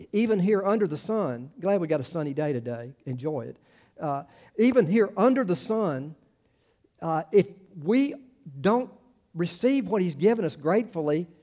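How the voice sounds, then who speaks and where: Chatty pastor with a higher voice. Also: male voice, warm tone. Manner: informal and chatty, many fillers and restarts; wry asides to the congregation. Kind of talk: conversational sermon.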